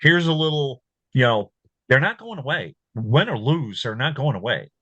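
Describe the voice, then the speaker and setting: A man's voice: mid-range voice, normal speed, no echo, muffled recording. Casual male commentator, dry sound. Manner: conversational, repeats words, animated when quoting. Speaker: host.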